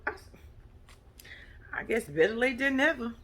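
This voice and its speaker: Brief: lively woman vlogger, casual profane recap with lots of laughs, sharp bright tone. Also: on the high side, normal speed. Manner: animated, profane, laughing commentary. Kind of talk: casual chat.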